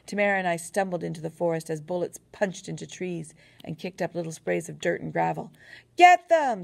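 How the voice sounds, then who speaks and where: Low, gravelly woman reading a novel. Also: darkish tone. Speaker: audiobook narrator. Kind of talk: first-person novel reading.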